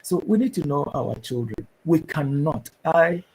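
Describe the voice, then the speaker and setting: Middle-aged pastor guy from ghana, gravelly husky voice, earnest preachy chat. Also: a little high, unhurried, low-quality recording. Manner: earnest, preacherly, animated when quoting others. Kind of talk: conversational talk show.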